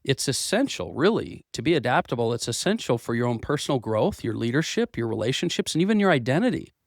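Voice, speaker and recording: A man's voice: mid-range voice, sing-song, fast talker, no room sound, clean studio sound. Earnest male podcast host, voice a bit worn. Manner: earnest, repeats words while restarting. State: losing his voice a bit. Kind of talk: motivational business talk. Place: office.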